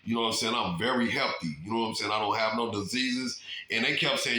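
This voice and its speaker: A man rambles through his own story with an animated, profane delivery, circling back again and again to "you know what I'm saying". His voice is bright and forceful. The room around him gives off a noticeable echo. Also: medium pitch, fast, hardly any pauses. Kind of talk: rambling casual monologue. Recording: roomy echo.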